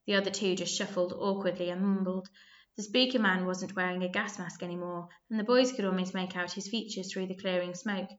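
A woman narrating a children's story aloud, lively and expressive, with small slips. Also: lowish voice, a little fast, highs cut off.

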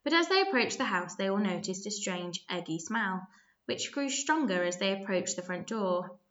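A woman narrating a children's story aloud, lively and expressive, with small slips. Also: mid-range voice, moderate pace, highs cut off.

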